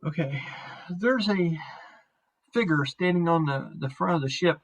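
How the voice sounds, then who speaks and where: A man's voice: a little high, animated, unhurried, low-quality recording. A man narrating as game master on a voice call, rambling and self-deprecating.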